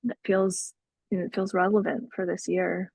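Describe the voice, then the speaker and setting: Gravelly low-voiced woman, dry mic, laid-back spiritual podcast cohost, laughs a lot. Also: level tone, unhurried, darkish tone, no room sound. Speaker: podcast co-host. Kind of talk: casual spiritual chat, reading oracle cards aloud.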